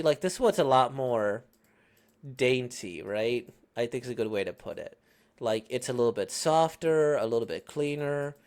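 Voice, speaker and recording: A man's voice: medium pitch, a little mellow. A man giving casual reaction commentary on a comic, musing aloud and hesitant, with lots of ums and self-corrections.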